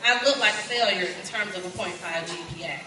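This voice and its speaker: Brief: woman pastor, 40s, Kentucky accent, lively and folksy, noisy hall recording. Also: mid-range voice, brisk. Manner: lively, folksy, calls out to the crowd. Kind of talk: conference sermon. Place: large conference hall. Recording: echoey hall, distant and noisy.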